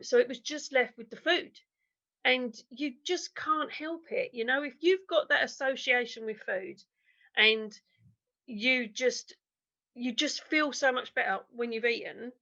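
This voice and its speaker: A woman's voice: fairly high pitch, gravelly, bright, forceful tone. A woman, chatting candidly and self-deprecatingly as an interview guest over a video call. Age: 50s. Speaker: interview guest, diet consultant. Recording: dull lo-fi video call audio.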